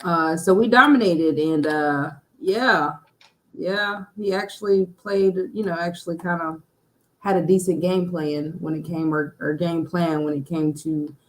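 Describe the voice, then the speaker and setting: A woman with a low voice gives her take on a football game on a casual podcast. She starts with some hesitation and fillers, then lands her points firmly. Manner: hesitant, many "uh" and restarts, then emphatic. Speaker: podcast co-host. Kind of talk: casual sports podcast chat.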